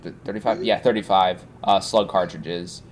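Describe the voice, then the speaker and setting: A man narrating as game master, halting and listing loot with many fillers. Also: on the low side, steady tone, a little hiss or hum.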